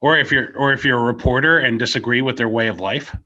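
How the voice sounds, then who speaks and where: A man's voice: medium pitch, fast, bright, forceful tone, lo-fi sound. A man co-hosting a wrestling podcast in casual chat, with a wry, sarcastic delivery. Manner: wry, sarcastic, frequent laughter.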